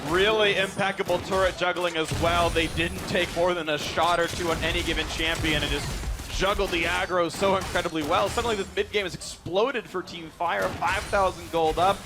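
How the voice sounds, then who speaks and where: A man casting a live esports match, joking and rising to shouts on big plays. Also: high voice, brisk. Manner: excitable, jokey, rises to shouts on big plays. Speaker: esports caster. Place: broadcast studio.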